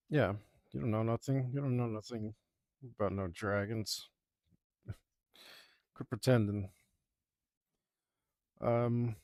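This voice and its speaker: A man's voice: fairly low pitch, a little mellow, dry recording, clean studio sound. A man, a digital artist, chatting casually while he draws, rambling with lots of fillers and repeats. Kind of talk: casual chat while drawing.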